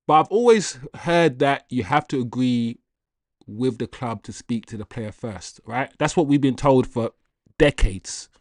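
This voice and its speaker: A man's voice: medium pitch, unhurried, dry recording, studio quality. Slangy man hosting a livestream. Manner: animated, slangy, laughs and rambles. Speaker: host of a football livestream. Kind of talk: casual livestream chat, reading viewer comments.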